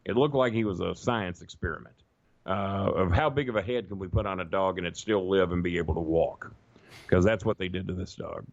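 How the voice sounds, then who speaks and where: Guy, middle-aged, low gravelly voice, swearing his way through long stories, dry dull lo-fi sound. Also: brisk, no echo. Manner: profane, rambling anecdotes, acts out quoted voices. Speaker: podcast guest. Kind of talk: casual storytelling chat.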